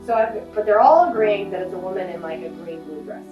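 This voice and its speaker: A woman's voice: mid-range voice, brisk, highs cut off. A woman homeowner telling her house's stories in a casual, chatty way, acting out the people she quotes. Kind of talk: casual storytelling interview. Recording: echoey room heard from a distance, music behind.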